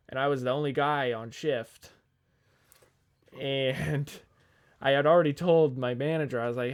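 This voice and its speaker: A man's voice: medium pitch, fairly even intonation, moderate pace. A young man on a podcast telling a long, rambling work story in casual chat, swearing freely and quoting the people in it. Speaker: podcast co-host.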